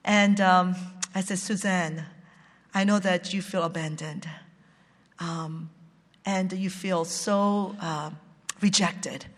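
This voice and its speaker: Halting testimony speaker in a reverberant hall. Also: mid-range voice, fairly even intonation. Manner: halting, with many fillers and restarts. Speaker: director of a church language ministry. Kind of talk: personal testimony storytelling.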